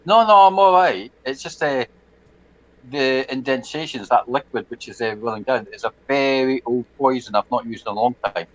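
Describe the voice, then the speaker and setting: A man's voice: medium pitch, normal speed, muffled recording. Joking man playing a tabletop game. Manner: chatty, joking, asks many questions. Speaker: player. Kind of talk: casual tabletop game play.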